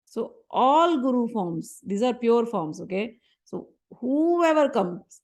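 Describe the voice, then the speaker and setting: A woman, a spiritual teacher, giving a spiritual talk in an animated storytelling manner and repeating phrases for emphasis. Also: fairly high pitch, takes it slowly.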